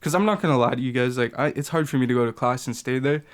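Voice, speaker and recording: A young man co-hosting a podcast, speaking in a slangy, animated way with lots of swearing and hesitant fillers. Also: mid-range voice, fast talker. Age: young adult. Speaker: podcast co-host. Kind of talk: casual chat.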